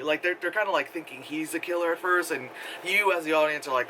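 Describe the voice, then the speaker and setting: A man rambles through a casual, sarcastic movie review in a bright, forceful, fairly high voice, talking a little fast with few pauses and plenty of fillers. It was recorded outdoors at low quality, with faint wind noise.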